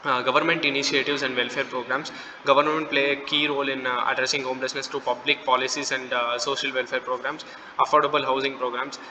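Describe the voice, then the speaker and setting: Flat-voiced young man with a bright tone. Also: mid-range voice, quick pace. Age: young adult. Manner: reading steadily from notes with fillers. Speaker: student presenter. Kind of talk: class presentation. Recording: long reverb, faint noise.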